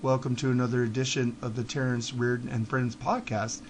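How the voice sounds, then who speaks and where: A man imitating a dull male podcast host who speaks in a flat, sleepy drone. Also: mid-range voice, brisk, a little hiss or hum, voice pushed down, lightly acted. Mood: droning. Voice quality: flat, droning, sleepy delivery.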